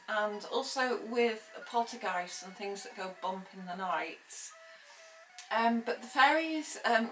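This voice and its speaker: A woman talks through a lesson slowly and deliberately, pausing on hesitant ums as she explains. Her voice sits at an ordinary middle pitch. The recording is roomy and echoey, with faint ambience behind her. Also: fairly bright tone, a little hiss or hum. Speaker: witchcraft teacher. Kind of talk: informal spoken lesson.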